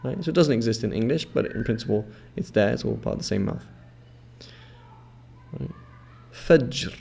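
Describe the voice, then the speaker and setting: Fairly low in pitch, animated and warm, a man with a creaky, gravelly voice teaches pronunciation with great patience. He slowly repeats and lengthens each sound of the model words, checking again and again that the listener is following.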